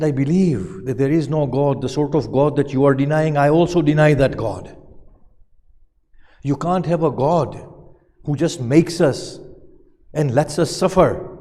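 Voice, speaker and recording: A man's voice: fairly high pitch, warm tone. A man giving a religious lecture who recites verses, translates them and puts questions to his listeners. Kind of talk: Muharram lecture on Quranic verses. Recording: long hall reverb.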